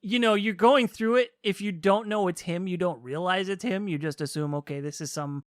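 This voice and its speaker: A man in casual podcast chat, his voice sitting a little high for a man. He retells things animatedly, slipping into quick acted-out lines. The sound is dry and close, with no room around it. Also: no echo. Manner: animated storytelling, acts out characters' lines. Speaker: podcast co-host explaining a game.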